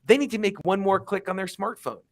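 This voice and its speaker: A man's voice: sits high, brisk. A man speaking on an industry panel, emphatic and driving his points home with vivid analogies. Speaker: panelist, restaurant tech executive. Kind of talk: panel discussion.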